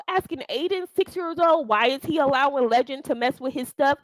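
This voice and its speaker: A woman's voice: sits high, lively intonation, normal speed, hardly any pauses, fairly bright tone, no room sound, poor audio. A woman hosting a reaction video, talking in blunt, profane, scolding commentary. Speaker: reaction channel host.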